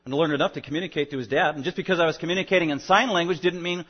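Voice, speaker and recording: A male pastor delivering a verse-by-verse sermon, his fairly high voice pushing hard on key words and swelling with emphasis. The recording is muffled and lo-fi. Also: rapid-fire. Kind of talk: expository sermon.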